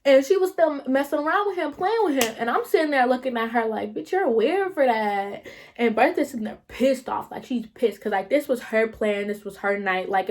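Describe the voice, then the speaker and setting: A young woman vlogger telling a story in a casual, slangy, animated way, swearing freely. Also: fairly high pitch.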